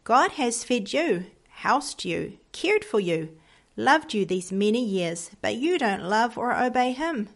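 A woman reading the lines of an earnest, pious lady who gently reproaches a stranger, with a slightly gravelly voice. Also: on the high side, big pitch swings, slow, exaggerated voice. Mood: reproachful.

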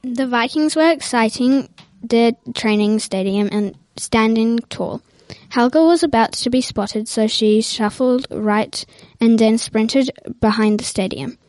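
A woman reads a story aloud, slightly hesitant and restarting words now and then. Her voice sits fairly high. The recording is dry. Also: a little slow, a little mellow, dry recording.

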